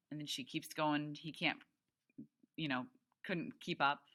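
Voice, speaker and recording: Teacher lady reading a novel to her class, stops to explain stuff, low bright voice. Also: steady tone, a little slow, long pauses. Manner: explains as she reads.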